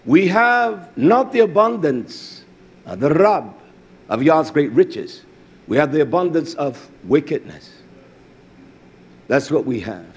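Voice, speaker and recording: Husky fiery preacher man. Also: sing-song, takes it slowly, long pauses. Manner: fiery, preachy, swings between shouting and low murmurs. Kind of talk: sermon.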